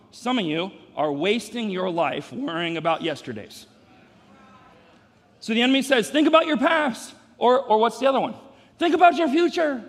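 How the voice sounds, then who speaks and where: High-voiced pastor preaching in a reverberant sanctuary. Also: male voice. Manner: dynamic, swings from hushed to shouting, wry asides. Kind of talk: sermon. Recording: long reverb of a big sanctuary.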